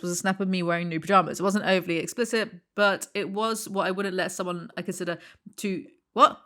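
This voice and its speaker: A woman in her thirties reading Reddit posts and text messages aloud, sarcastic, deadpan and swearing freely. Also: fairly low pitch. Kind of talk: casual reaction commentary.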